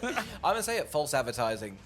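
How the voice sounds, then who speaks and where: A man's voice: mid-range voice, sing-song, fast, fairly bright tone, faint music behind. A man co-hosting a casual film podcast, teasing wryly and laughing often. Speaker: podcast co-host.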